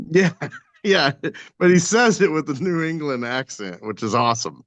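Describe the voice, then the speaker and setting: A man with a thick Kentucky accent, a guest drummer chatting casually on a podcast, animated and quick to laugh and swear. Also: a little high, no echo.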